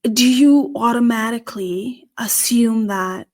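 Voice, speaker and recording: A woman's voice: on the high side, slow pace, a little mellow. A woman with a non-native English accent hosting a podcast monologue, talking in a wry, sarcastic way. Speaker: podcast host and career strategist.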